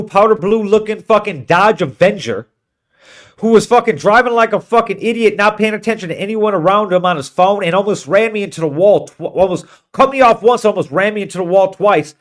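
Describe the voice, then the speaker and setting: Brief: man, high-pitched voice, podcast co-host, animated swearing storyteller. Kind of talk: casual storytelling chat.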